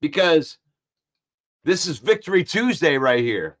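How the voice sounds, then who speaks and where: A man hosting a casual sports talk stream, animated and argumentative, repeating points for emphasis. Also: a little high, measured pace. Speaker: sports show host. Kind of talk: casual live-stream chat, reading comments.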